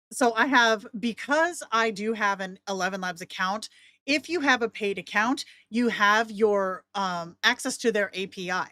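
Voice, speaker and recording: A woman walking through a voice software tool in a casual, chatty way, with joking asides to herself. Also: mid-range voice, no room sound, studio quality. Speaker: content creator.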